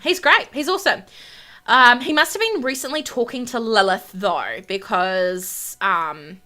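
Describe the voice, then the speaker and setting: Young female gamer, bubbly and gushing, bright slightly high voice, casual commentary. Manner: gushing, excitable, chatty to viewers. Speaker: gaming YouTuber. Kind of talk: casual let's-play commentary.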